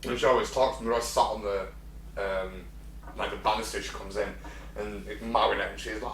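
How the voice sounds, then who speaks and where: A man's voice: fairly low pitch, fairly even intonation, fairly quick, fairly bright tone. A man co-hosting a casual podcast chat, swearing, laughing and acting out animal voices. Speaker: podcast co-host. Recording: echoey room with faint hum.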